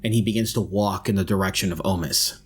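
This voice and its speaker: A man narrating a tabletop role-playing game as its game master, in a measured, descriptive way. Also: low-pitched, steady tone, breathy edge, soft background music.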